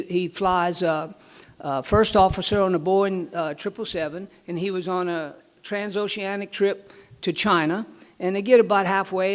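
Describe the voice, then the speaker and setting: A man, giving a conference talk in a folksy, joking way. His voice sits rather high for a man, and he stumbles over repeated words now and then. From Louisiana. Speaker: regulatory board presenter. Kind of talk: conference presentation.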